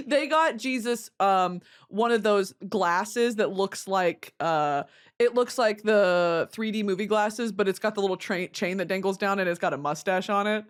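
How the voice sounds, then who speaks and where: A woman's voice: mid-range voice, moderate pace. A young woman hosting a podcast, telling comic stories with lots of swearing and laughter, and mimicking other people's voices. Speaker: podcast host. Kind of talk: comedic storytelling.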